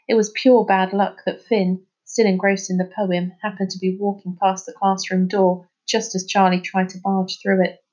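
A woman reading a children's novel aloud in a steady, expressive narrating voice. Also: medium pitch, normal speed, muffled recording. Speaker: storybook reader.

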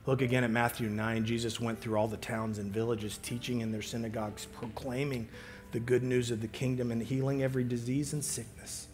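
A pastor preaching a sermon, swinging from loud emphatic lines to hushed near-whispers, with halting restarts. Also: male voice, mid-range voice, level tone, soft background music.

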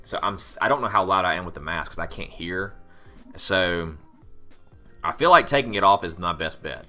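Deep voiced young guy rambling on a podcast, pitch jumping around a lot. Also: normal speed, soft background music. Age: young adult. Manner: rambling, animated storytelling. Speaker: podcast co-host. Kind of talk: casual chat.

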